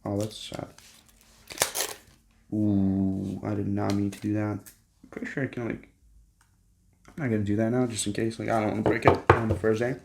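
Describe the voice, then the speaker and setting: A young man filming a casual unboxing, excitable and swearing often, jumping between hushed whispers and squeals. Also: fairly low pitch, moderate pace, creaky, pauses often, a little hiss or hum. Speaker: vlogger.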